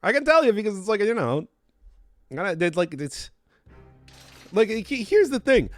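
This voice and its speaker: A man with a Midwestern accent talks through a game stream in a higher voice that leaps around animatedly. He rambles, trips over his own sentences and laughs easily, speaking into a desk mic with faint game music underneath. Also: very animated. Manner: rambling, self-interrupting, quick to laugh. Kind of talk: live gameplay commentary, chatting with viewers. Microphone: desk mic through a mixer.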